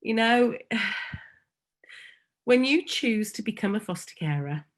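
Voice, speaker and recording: Slow-spoken woman, tender and emotional. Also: medium pitch, animated. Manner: slow and emotional, pausing often. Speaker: foster carer. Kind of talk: heartfelt personal testimony.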